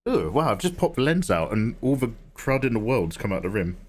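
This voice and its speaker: A young man talks casually to his stream audience as he settles in to draw. His pitch moves around a lot in a lively way, while his voice sits in a middle register. He rambles from one joke to the next in a loose, chatty manner. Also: fairly quick, a little hiss or hum. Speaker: livestream artist host. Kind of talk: casual livestream chat.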